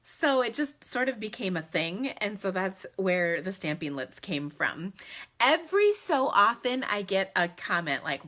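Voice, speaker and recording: Bright, bubbly woman streaming live. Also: medium pitch, sing-song, measured pace. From United States. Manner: bubbly and chatty, laughing often. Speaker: crafting live-stream host. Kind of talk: casual live-stream chat. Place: at home indoors. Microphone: phone camera in selfie mode.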